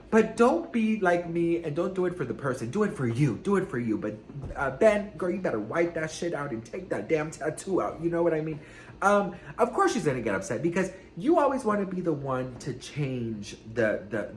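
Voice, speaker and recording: In a casual celebrity gossip vlog, a man with a fairly high voice is sassy and dramatic, swearing freely. The recording has room echo and a little hiss or hum.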